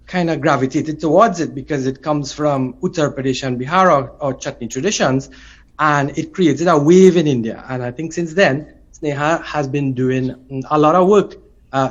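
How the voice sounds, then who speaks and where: A man speaks as an academic guest on a panel, measured and a little hesitant as he looks for words. His voice sits fairly high, and it comes through muffled, lo-fi remote audio. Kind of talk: panel interview.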